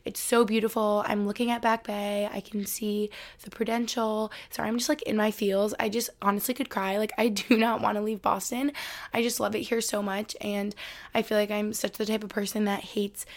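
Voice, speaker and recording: A woman's voice: medium pitch, flat delivery, a little fast. A woman in her twenties, from upstate New York, hosting a solo podcast from her bedroom floor in a rambling, chatty way full of "like". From Albany, New York. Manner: rambling, chatty, lots of 'like'. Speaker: podcast host. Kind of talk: casual solo podcast chat.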